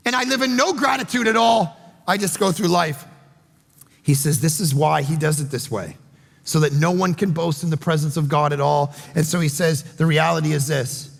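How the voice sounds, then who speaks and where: A male pastor delivers a sermon in a high, gravelly voice. He tells stories with lively energy and acts out other people's lines. Long reverb from a large hall trails each phrase. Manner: storytelling, animated, acts out quotes.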